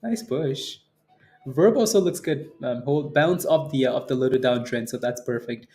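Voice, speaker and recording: A man hosting a day-trading livestream, chatting casually with viewers between market remarks, relaxed, with frequent fillers and chuckles. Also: medium pitch, normal speed, soft background music. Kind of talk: casual livestream chat reading viewer comments.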